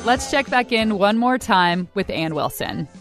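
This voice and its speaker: A woman's voice: medium pitch, measured pace. Chatty woman narrating over faint music. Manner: chatty, relaxed storytelling. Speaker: vlog narrator.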